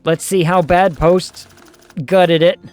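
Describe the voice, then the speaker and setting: A man's voice: high-pitched, little pitch movement, slow pace, darkish tone. Chatty man streaming a game. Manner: chatty, thinks aloud, jokes with chat. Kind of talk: casual game commentary.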